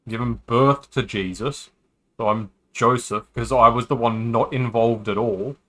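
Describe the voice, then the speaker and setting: A man reading a visual novel aloud to his stream in a bright, forceful voice. He talks in a casual, joking way and drifts into asides between the lines. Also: mid-range voice, fairly even intonation, a little slow.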